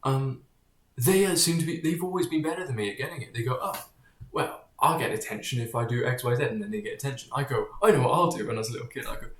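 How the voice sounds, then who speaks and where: A man in a mid-pitched voice talks straight to camera in a loose, wandering monologue, jumping between tangents and swearing bluntly. His voice bounces around a bare, echoey room. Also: fast talker. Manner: digressive, keeps drifting off topic, blunt and profane. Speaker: vlogger. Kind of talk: casual rambling monologue to camera.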